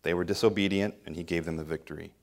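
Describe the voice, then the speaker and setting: A middle-aged man preaching a sermon, swinging between loud emphatic bursts and quiet, low phrases. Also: fairly even intonation, fast.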